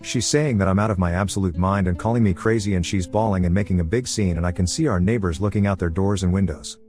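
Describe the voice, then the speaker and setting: A man reading an online story aloud in a casual first-person way, over soft guitar music. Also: sits low, fast. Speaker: story narrator. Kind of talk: reading a reddit post aloud.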